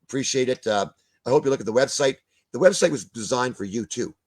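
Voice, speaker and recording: A man's voice: medium pitch, fast talker, darkish tone. Ranting older man. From Canada. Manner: ranting, blunt, swears, repeats words. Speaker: guest. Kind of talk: heated video-call discussion.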